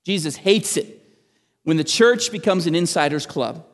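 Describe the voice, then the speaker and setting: A man, a pastor, preaching a sermon in an animated, emphatic way with frequent restarts. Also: on the high side, moderate pace, in a large hall. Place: church.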